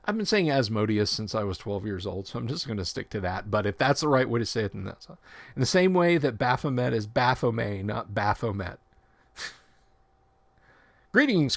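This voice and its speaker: Gravelly man reading rules on a livestream. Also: lowish voice, very animated, brisk, dry recording. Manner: reads rule text aloud with asides and self-corrections. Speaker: livestream host. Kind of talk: casual livestream reading and commentary.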